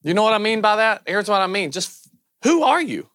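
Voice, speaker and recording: A man with a Southern American accent preaching a sermon as a pastor, loud, animated and self-deprecating. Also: high voice, brisk, no room sound, clean studio sound.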